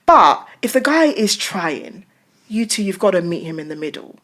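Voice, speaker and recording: A woman's voice: mid-range voice, sing-song, moderate pace, a bit bright. A woman pastor from Britain in casual chat, telling stories emphatically and expressively. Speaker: pastor and guest.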